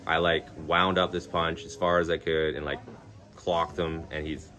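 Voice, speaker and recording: A man's voice: rumbling low, level tone, moderate pace, pushed and bright. A man live-streaming, chatting casually with viewers in a rambling, laid-back way, swearing freely and laughing through his stories. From Canada. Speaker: livestreamer.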